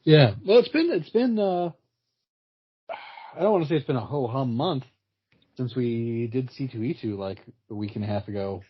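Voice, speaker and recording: Podcast sidekick: easygoing man, husky and animated, on a dull recording. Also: mid-range voice. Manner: easygoing, quick to laugh along. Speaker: podcast co-host. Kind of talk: casual chat. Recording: dull muffled podcast audio.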